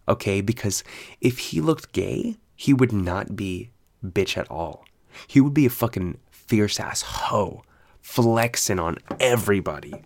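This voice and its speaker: A man telling stories in a casual solo chat, animated and profane, laughing often. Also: medium pitch. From United States.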